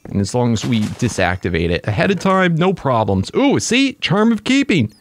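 A man narrating his own game play as he goes, an excitable gamer who exclaims at the creatures he finds. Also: medium pitch, moderate pace, slight background noise. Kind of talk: casual gaming commentary.

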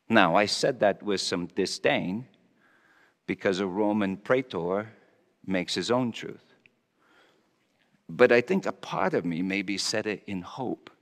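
A male pastor preaching a dramatic first-person monologue, speaking in character as a Roman governor with a theatrical, halting delivery. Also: fairly high pitch, fairly bright tone. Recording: long reverb of a large hall.

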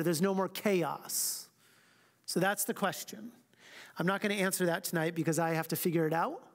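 A man with a high voice teaches a church Bible class. He reads scripture slowly and with weight, then drops into quick, casual asides. His voice rings with the long reverb of a church hall. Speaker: pastor.

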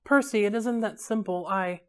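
Soft anxious mom, hesitant and pleading, read by a woman. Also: mid-range voice, moderate pace, clear, resonant tone, lightly acted. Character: gentle worried mother, anxious and soft.

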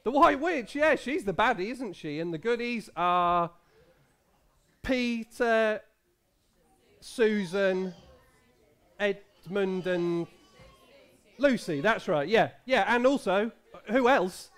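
In a church hall, a thirty-something pastor playfully quizzes children during a family service. His high, expressive, slightly bright voice moves slowly with frequent pauses, many restarts, and laughs.

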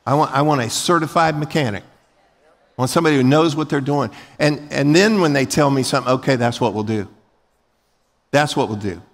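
Man, pastor, emphatic sermon, mid-pitched voice, long church-hall reverb. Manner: emphatic, rising to loud peaks; folksy, acts out short everyday scenes. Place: large church sanctuary.

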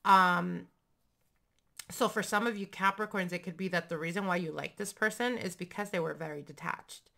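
A young adult woman runs a loose, chatty tarot reading with a lowish voice. Her tone is bright and forceful, and she speaks frankly, dropping the odd swear word as she goes. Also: fairly even intonation, normal speed, gravelly. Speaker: tarot reader. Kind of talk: casual tarot reading monologue.

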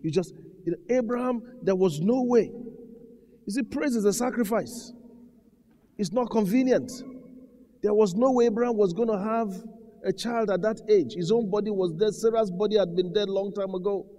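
A man delivers a sermon with a fairly high voice. His words ring out in a long, reverberant hall, and he breaks into mock laughter between his lines. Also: warm tone. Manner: preaching with bursts of mock laughter. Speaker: pastor.

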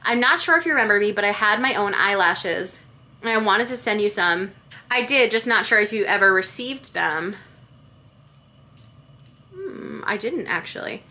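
A young woman with a bright, forceful voice chats casually to camera as a vlogger. She reads holiday cards aloud and gushes over each one, effusive and quick to praise. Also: mid-range voice, animated. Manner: gushing, effusive.

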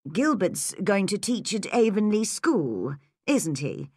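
A weary older farm woman, read by a woman narrator, slow and subdued in her storybook lines. The voice is close and dry, with lively shifts of pitch. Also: dry recording. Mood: reflective. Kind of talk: storybook reading.

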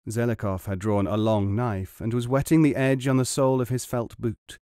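A male audiobook narrator with a measured, even delivery. His mid-pitched voice is recorded close and dry, with no room sound. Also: smooth, no echo.

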